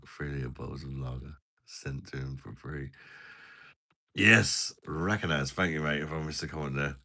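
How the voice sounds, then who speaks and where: A man's voice: rumbling low, pushed and bright. A man hosting a casual beer-review live stream, bantering and swearing with viewers.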